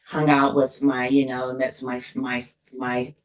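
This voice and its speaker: A middle-aged woman, a university dean, talking earnestly and emotionally in an interview, with many pauses and restarts. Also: a bass voice, completely flat delivery. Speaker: associate dean of students, podcast guest. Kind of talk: casual interview conversation. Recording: distant mic.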